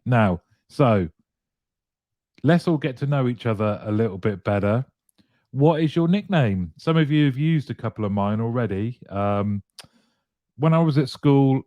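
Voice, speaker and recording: So a guy hosting a live stream, reads the chat, jokes and laughs a lot, kinda low voice. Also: darkish tone, no echo. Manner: chatty and jokey, laughing often. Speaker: livestream show host. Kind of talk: casual live chat, greeting viewers and reading comments.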